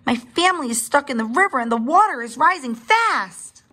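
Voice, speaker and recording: A tiny baby boy dinosaur from a storybook, squeaking his pleas for help in a high, small voice, as a woman reading aloud puts him on. He sounds scared and earnest. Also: animated, moderate pace, pushed and bright. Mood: pleading. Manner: high pleading cries.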